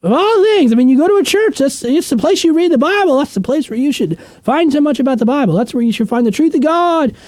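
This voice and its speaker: A man's voice: very high-pitched, expressive, fast, hardly any pauses, darkish tone, no room sound. A man teaching a casual Bible study to his channel's viewers, emphatic and repeating words for stress.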